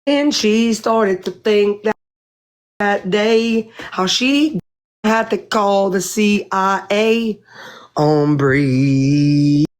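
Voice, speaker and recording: A woman casually retelling a story in a rambling, halting way. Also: mid-range voice. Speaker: vlogger.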